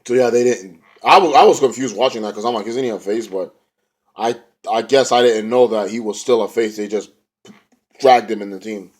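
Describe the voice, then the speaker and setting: Fairly quick and a little mellow, a young man's lowish voice carries a casual wrestling-show recap. He rambles in slang and sometimes mimics what the wrestlers said.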